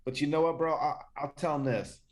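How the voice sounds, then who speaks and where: A man's voice: on the high side, fairly quick. A man co-hosting a podcast, giving loose, rambling opinions full of slang. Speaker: podcast co-host. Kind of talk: casual profane podcast chat.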